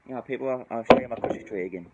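A man's voice: medium pitch, rapid-fire, highs cut off, heavy background noise. Sweary British man drinking outdoors. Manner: sweary, rambling, frequent sighs. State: tipsy, shivering from cold. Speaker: drinking vlogger. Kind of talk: casual rambling vlog. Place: outdoors in the cold.

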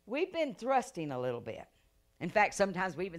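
A woman evangelist preaching a sermon, who swings from shouts to a hushed voice. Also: on the high side, huge pitch swings, normal speed.

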